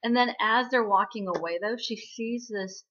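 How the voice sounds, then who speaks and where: A woman giving a casual spoken recap of a TV drama, chatty and full of fillers, acting out quoted lines in a higher voice. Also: moderate pace, a bit bright, lo-fi sound.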